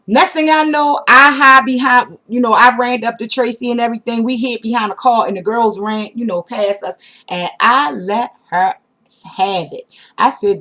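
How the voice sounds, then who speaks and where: A woman casually telling a personal story to her viewers, animated and slangy, talking straight to the camera. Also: on the high side, normal speed. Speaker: vlogger.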